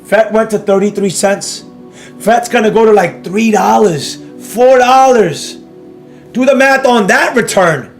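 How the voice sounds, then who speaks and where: His voice sits high and unhurried over soft background music. The man runs a live trading stream, reading and replying to chat while ranting at his viewers, hammering points with emphatic repeats and rhetorical questions.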